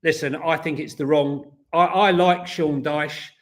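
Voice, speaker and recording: A man's voice: a little high, fairly even intonation, measured pace, fairly bright tone. A man, co-hosting a casual football podcast, rambling through stories with many ums and restarts. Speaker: co-host.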